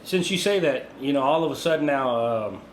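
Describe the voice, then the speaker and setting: A Mexican-born man raised in the US, co-hosting a podcast in relaxed, laughing casual chat. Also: medium pitch, brisk. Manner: laughing, relaxed, says dude and bro. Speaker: podcast co-host. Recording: echoey room with faint noise.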